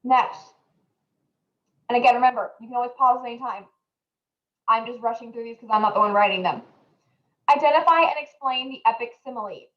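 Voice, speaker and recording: Woman teacher, casual lesson explainer, chatty and quick, echoey recording. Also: a little high. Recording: echoey muffled room audio.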